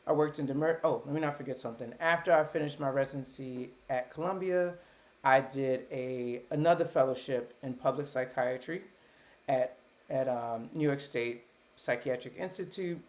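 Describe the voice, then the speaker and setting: A woman in her thirties from Baltimore, United States, speaks in a rumbling low, slightly mellow voice at a moderate pace. She's a psychiatrist hosting her own live stream, chatting casually at her computer webcam and tossing in joking asides about herself.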